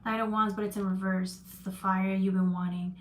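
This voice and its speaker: A woman's voice: medium pitch, level tone, fairly quick, slight background noise. A woman giving a live-stream tarot reading, chatting loosely and reading out viewer comments with frequent restarts. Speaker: tarot reader.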